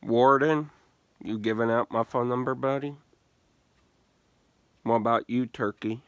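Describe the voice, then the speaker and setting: A man's voice: medium pitch, steady tone, a little slow, fairly bright tone, clear, resonant tone, no room sound. A man telling a prank story as a gaming streamer, swearing and laughing often. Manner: profane, laughing, restarts often. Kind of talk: casual storytelling rant.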